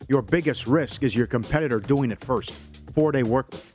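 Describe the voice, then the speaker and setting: A man hosting a casual sports betting talk show, telling stories with big jumps in pitch. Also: fairly quick, faint music behind. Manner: animated storyteller, jumps in pitch on punchlines.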